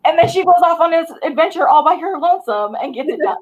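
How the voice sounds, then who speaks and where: High-voiced woman, keen and chatty. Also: expressive, fast talker, narrow, tinny audio. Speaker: convention panelist. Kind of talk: casual panel chat on a video call.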